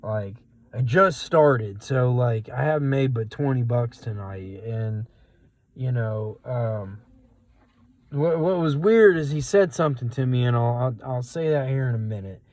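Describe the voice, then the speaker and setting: A man's voice: mid-range voice, a little slow, a little mellow, no echo, low-quality recording. A man who drives rideshare, telling a rambling story in a casual vlog, full of fillers and quoted lines, speaking into a phone in his car. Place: in a car at a gas station.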